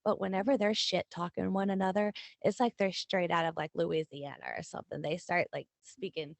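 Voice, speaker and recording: A woman's voice: lowish voice, steady tone, brisk, gravelly, no echo. A woman in her thirties with a somewhat Southern accent, co-hosting a podcast, swearing and laughing freely. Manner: swearing, laughing, acts out her kids' voices. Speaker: podcast co-host. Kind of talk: casual chat.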